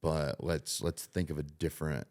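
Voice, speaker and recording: Very deep-voiced reflective podcast host. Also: male voice, steady tone, normal speed, darkish tone. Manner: reflective, thinks aloud with many "like" fillers. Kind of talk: casual podcast conversation.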